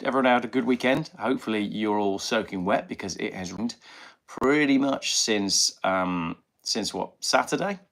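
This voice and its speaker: A middle-aged channel host with a slight Birmingham accent runs a casual live-stream chat from a small alcove at home, speaking through a headphone mic. His voice is lowish and fairly bright, at a normal speed. He rambles through viewer comments, reading them aloud and filling the gaps with plenty of ums.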